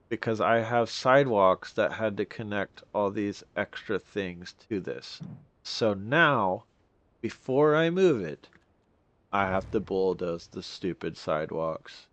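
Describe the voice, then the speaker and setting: A man's voice: deep voice, no room sound, lo-fi sound. A young man giving casual gameplay commentary, rambling and complaining in exasperation as he plays.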